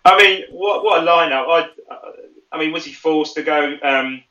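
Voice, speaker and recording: A man talks through goals on a football podcast in a casual, chatty way, full of fillers and easy laughter. His voice is bright and forceful, but he sits well back from the mic in an echoey room. The sound is a little dull. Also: on the high side, normal speed. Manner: chatty, laughs often, thinks aloud with fillers. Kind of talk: casual match analysis chat. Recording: roomy, distant and dull.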